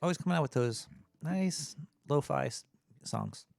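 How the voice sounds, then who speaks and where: A man hosting his own show in casual, rambling talk, laid-back and halting with many fillers. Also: a little high, expressive, gravelly, dry recording, faint music behind. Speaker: podcast host.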